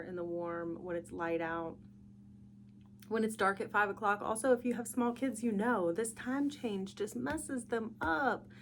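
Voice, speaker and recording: A woman's voice: medium pitch, a little hiss or hum. A young woman hosting a casual solo podcast, tired and yawning, chatty and reflective. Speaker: podcast host.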